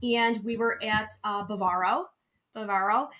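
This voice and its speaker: Podcast co-host, woman in middle age, animated storyteller, crisp bright tone. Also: a little slow, lo-fi sound. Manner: lively storyteller, acts out quotes with big pitch jumps. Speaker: podcast co-host and travel advisor. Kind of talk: casual chat, telling a personal story.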